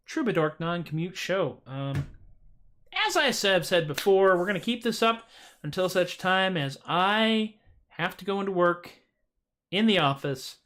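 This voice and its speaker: A man's voice: sits high, fairly bright tone. Rambling man hosting a livestream. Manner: rambling, self-deprecating, joking. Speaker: singer-songwriter host of a livestream show. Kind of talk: casual livestream chat between songs.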